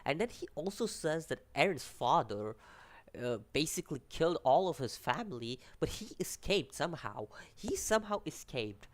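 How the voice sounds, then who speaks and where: A man's fairly high-pitched voice carries a non-native English accent as he reviews an anime episode at a moderate pace. His casual, animated take rambles, and he keeps stumbling over names and restarting sentences.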